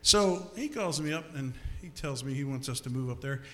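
A man giving a storytelling testimony before an audience, animated and often repeating his words. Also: medium pitch, normal speed. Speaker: speaker giving a personal testimony.

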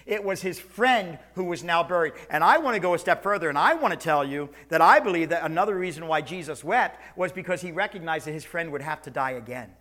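Male pastor, high voice, preaching in church, loud calls to soft slow lines. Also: animated. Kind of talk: sermon. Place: church sanctuary, also streamed online.

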